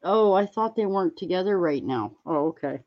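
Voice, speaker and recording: A woman streaming, chatting casually with viewers while she crafts, rambling and gently reassuring them with lots of fillers. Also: fairly low pitch, animated, fairly quick, lo-fi sound. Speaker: livestreamer answering chat.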